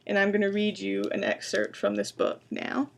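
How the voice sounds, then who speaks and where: A woman giving a booktalk presentation, introducing books and reading excerpts aloud in a quiet, measured way. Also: mid-range voice, sing-song. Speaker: library science student presenting books.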